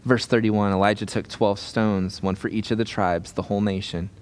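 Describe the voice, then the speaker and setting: A man preaching a sermon as pastor, reading scripture and acting out the voices in the story with lively energy. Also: fairly low pitch, normal speed. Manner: animated, acts out voices in retelling.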